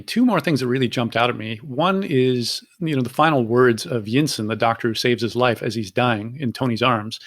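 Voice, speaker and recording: A man with a mid-range voice talks through his views on a podcast. He speaks fluently and reflectively, in a casual tone. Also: medium pitch. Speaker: podcast co-host. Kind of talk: casual discussion.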